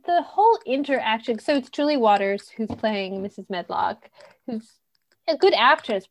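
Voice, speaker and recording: A woman co-hosting a podcast, chatting casually about a film in a plain-spoken way, with dry humor. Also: fairly high pitch. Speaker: podcast co-host. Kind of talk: casual film review chat.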